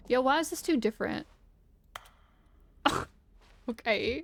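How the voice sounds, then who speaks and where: A woman's voice: sits high, animated, slow, creaky, long pauses, a little hiss or hum. A woman livestreaming from her room, chatting playfully and giggling as she plays. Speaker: streamer. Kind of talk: live game commentary. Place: home room.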